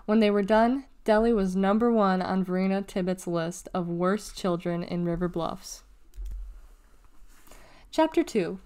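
A woman's voice: mid-range voice, darkish tone, clear, resonant tone. Woman reading a children's novel aloud. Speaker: reader of children's books.

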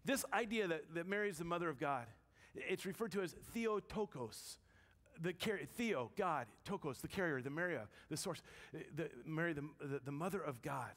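A woman's voice: sits low, lively intonation, moderate pace, a bit bright. Woman pastor, chatty sermon delivery, quips and asks the room questions; reverberant sanctuary sound. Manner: conversational, joking, questions the congregation. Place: church sanctuary. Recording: long church reverb.

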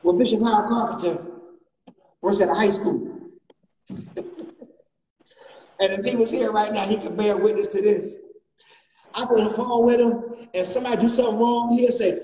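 A man preaching a fervent sermon as a guest bishop, repeating refrains and rising to shouts. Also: high-pitched, steady tone, moderate pace, pauses often. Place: church sanctuary. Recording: echoey church, distant mic, faint noise.

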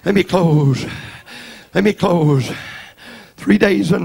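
Man pastor, raspy high tenor, fiery revival preacher. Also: slow pace, pauses often. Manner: fiery preaching, shouting and dropping to a hush. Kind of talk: revival sermon.

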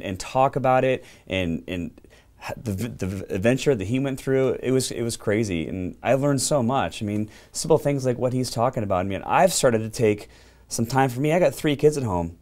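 A man's voice: medium pitch, a little mellow. Earnest man in a casual chat. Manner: earnest, halting, repeats himself. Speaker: community correspondent. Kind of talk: casual interview answer.

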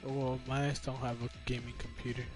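A young man chatting and joking with a friend while they stream a video game, swearing often and quick to get excited. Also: mid-range voice, over music. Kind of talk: casual gaming chat.

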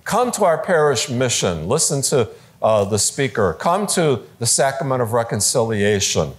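A man giving a conversational talk on preaching to a live audience, lively, with fillers and quoted voices, in a large room. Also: medium pitch, normal speed. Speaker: speaker teaching preachers.

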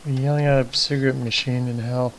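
A man's voice: medium pitch, little pitch movement, fairly quick, heavy background noise. A man casually commenting on a horror game he is playing, making joking, sarcastic remarks. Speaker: gamer. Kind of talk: casual let's play commentary.

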